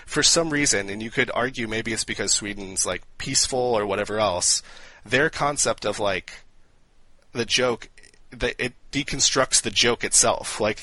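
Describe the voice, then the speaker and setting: A man with a low, bright, forceful voice chats on a podcast and tells old jokes with energy, padding his talk with "like" and "right". The sound is dry and close, with no room around him. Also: no echo, poor audio. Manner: animated joke-telling with frequent fillers. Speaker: podcast co-host. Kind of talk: casual podcast chat.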